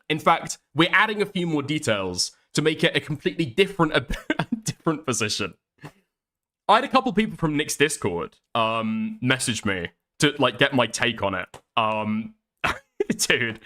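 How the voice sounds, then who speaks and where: A man's voice: mid-range voice, big pitch swings, moderate pace, sharp tone. A man commenting on online drama, reading out posts and reacting in a blunt, exasperated, profane way. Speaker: commentary streamer.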